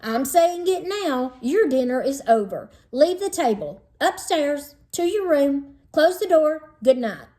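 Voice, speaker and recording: A woman's voice: high-pitched, big pitch swings, unhurried, hardly any pauses, dark tone, voice pushed up. A woman reading a storybook aloud and voicing a stern mother who gives short, clipped orders at the dinner table.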